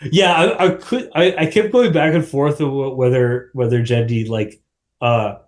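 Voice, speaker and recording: A man's voice: medium pitch, normal speed. A man talking as a guest on a casual podcast, rambling with lots of fillers and restarts, often breaking into laughter. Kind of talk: casual chat.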